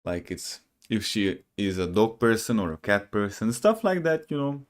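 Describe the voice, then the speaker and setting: Rambling young man streaming, slightly low voice. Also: sing-song, moderate pace. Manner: rambling, jokey, says "bro" a lot, bursts of laughter. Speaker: gaming streamer. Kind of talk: casual live-stream chat.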